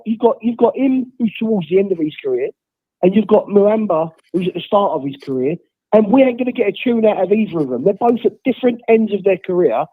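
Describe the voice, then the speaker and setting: Raspy, high-pitched man on a tinny phone line. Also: no room sound. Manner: blunt, ranting football opinions. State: unwell. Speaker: caller. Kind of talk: phone-in rant.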